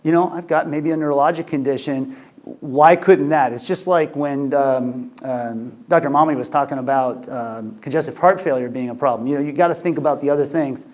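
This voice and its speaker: A man's voice: mid-range voice, brisk, darkish tone. A middle-aged male doctor giving a casual medical lecture, talking loosely with frequent fillers and restarts. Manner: conversational, many fillers and restarts. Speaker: ENT physician lecturer.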